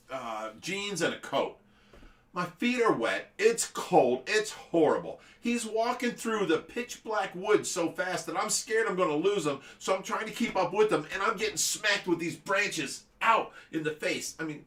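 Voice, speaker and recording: A man's voice: high-pitched, a bit bright, recorded from a distance. A middle-aged man hosting a livestream, telling a long childhood story with frequent laughs. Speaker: fish rescue livestream host. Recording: echoey room, away from mic.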